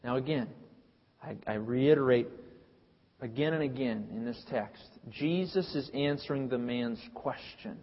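In a mid-range voice and at a measured pace, a man preaches emphatically, sometimes acting out the lines he quotes. The audio is dull and lo-fi, with long hall reverb.

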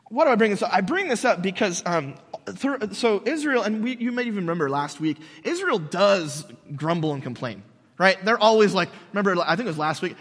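Male pastor, fairly high voice, lively conversational sermon, long hall echo. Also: fairly quick. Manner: animated, conversational storytelling. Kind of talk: casual sermon.

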